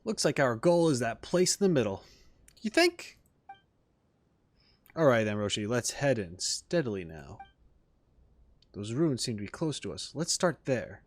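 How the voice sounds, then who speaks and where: A man streaming a game in casual let's-play commentary, excitable and rambling, talking to his viewers. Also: mid-range voice, a little slow, pauses often. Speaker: gaming streamer. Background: faint game music.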